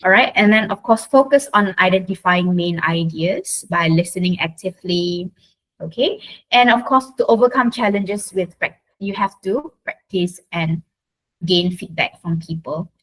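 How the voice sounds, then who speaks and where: A woman's voice: on the low side, moderate pace, fairly bright tone, poor audio. A woman leading an online speaking workshop, often checking in with "right?" and restarting her phrases. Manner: checks in often with tag questions; frequent restarts and fillers. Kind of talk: online teaching talk.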